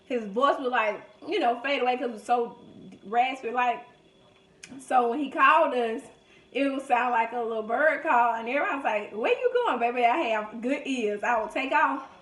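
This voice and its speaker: A woman's voice: fairly high pitch, moderate pace, distant mic. Chatty woman reminiscing, echoey room. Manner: chatty, reminiscing, quotes people in lively voices. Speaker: vlogger. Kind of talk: casual storytelling during a food video.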